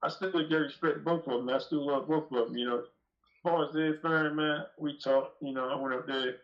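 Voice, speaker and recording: Gravelly man, profane storyteller. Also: fairly high pitch, steady tone, normal speed, lo-fi sound. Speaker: guest dog breeder. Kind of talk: casual storytelling on a live call-in show.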